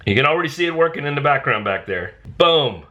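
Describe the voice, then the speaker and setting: A man hosting a casual software tutorial, thinking aloud and bursting into excitement when things work. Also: fairly high pitch, fast, lo-fi sound. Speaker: design tutorial host.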